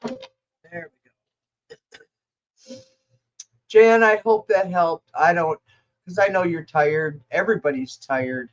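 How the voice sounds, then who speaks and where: Slow-talking tarot reader woman, lo-fi. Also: on the low side, a little hiss or hum. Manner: rambling, blunt, emotional, talks to the chat. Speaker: tarot reader answering viewer questions. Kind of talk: casual livestream tarot reading.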